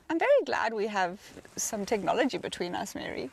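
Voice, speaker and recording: A woman's voice: mid-range voice, lively intonation, normal speed, gravelly, breathy edge. A woman presenting a live safari broadcast, chatting easily and reading out viewer comments with a laugh.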